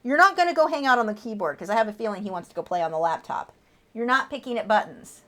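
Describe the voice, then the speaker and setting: A woman's voice: on the high side, lively intonation, quick pace, a bit bright. A woman in her thirties, an artist chatting casually on her livestream, answering viewer questions and cooing at her pet bird.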